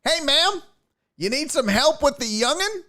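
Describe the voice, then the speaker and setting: A man's voice: extremely high pitch, big pitch swings, unhurried, voice pushed up, heavily acted. A man voicing an overbearing, preachy middle-aged dad who chats up strangers on a plane. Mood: overbearing chummy. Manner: loud, chummy, overbearing.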